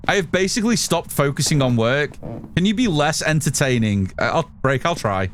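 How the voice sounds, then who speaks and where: Rambly, lively streamer. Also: male voice, on the high side, moderate pace, slight background noise. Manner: rambling, swears freely, many restarts. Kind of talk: casual live-stream chat. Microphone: studio mic through an audio mixer.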